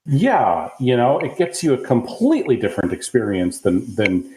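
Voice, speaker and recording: A man's voice: mid-range voice, sing-song, normal speed, dark tone, roomy sound, slight background noise, poor audio. A man from the United States, chatting casually as a podcast guest and rambling with lots of fillers. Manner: easygoing, rambling with many "you know" fillers. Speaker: guest F1 journalist.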